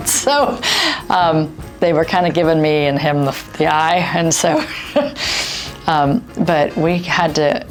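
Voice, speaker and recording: Low-voiced woman recalling a memory. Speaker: daughter sharing memories. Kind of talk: interview storytelling.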